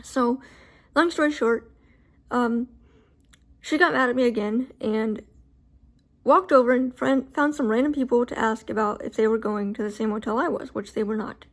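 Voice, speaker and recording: This is a woman recounting a story from her own life in casual vlog style. Her voice sits somewhat high. She talks loosely with plenty of fillers and acts out her own reactions as she goes. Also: moderate pace, pauses often. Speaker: vlogger telling a personal story.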